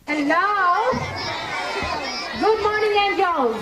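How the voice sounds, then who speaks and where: A Ugandan woman schoolteacher addressing an outdoor school assembly, slow and commanding, repeating her instructions. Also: very high-pitched. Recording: echoey outdoor recording with crowd noise.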